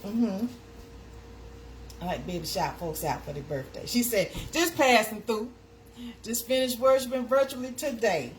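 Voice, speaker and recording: Woman livestream host, high voice, sing-song and chatty, faint noise behind. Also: animated, moderate pace, pauses often. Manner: sing-song, chatty, reads comments aloud. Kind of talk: casual live chat.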